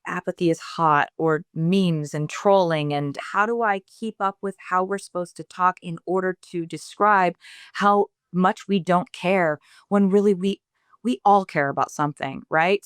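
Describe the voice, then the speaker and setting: A woman's voice: on the low side, fairly bright tone, smooth, no room sound, studio quality. A woman songwriter in a casual interview over a video call, thinking aloud and searching for her words as she explains her writing. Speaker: singer-songwriter guest.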